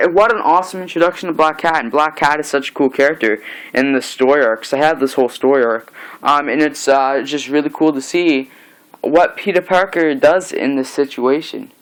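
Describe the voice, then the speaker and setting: A man's voice: medium pitch, smooth, rough recording. A young man recapping a comic book issue in a casual vlog, rambling and restarting as he retells scenes. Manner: rambling, loose retelling with many restarts and "he's like".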